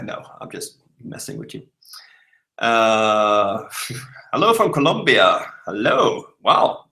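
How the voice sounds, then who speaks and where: A man's voice: medium pitch, animated, takes it slowly, bright, forceful tone, echoey room, poor audio. A man in his thirties from Malmö with a southern Swedish accent, chatting casually on a livestream and reading out viewer comments, with lots of uhs and laughs. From Sweden. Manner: chatty, laughing, thinks aloud with many uhs. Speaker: livestream host.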